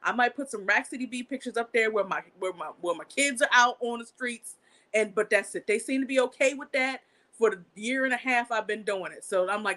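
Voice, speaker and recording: A young woman hosting her own channel, telling a story in a casual, animated way, swearing freely and jumping up in pitch when she gets outraged. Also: normal speed. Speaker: channel host. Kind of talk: casual live-stream storytelling.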